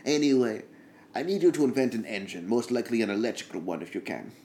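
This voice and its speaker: Man playing a rambling wagon driver, grumbling, bumbling, mid-pitched everyday voice. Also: fast talker, mellow, slight background noise, close to an everyday voice. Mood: chatty. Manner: rambling, muttering asides.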